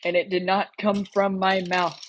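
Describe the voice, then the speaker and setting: A woman's voice: mid-range voice, flat delivery, moderate pace, a little hiss or hum, rough recording. A woman streamer chatting casually on a live stream, rambling and repeating herself as she talks straight to her viewers.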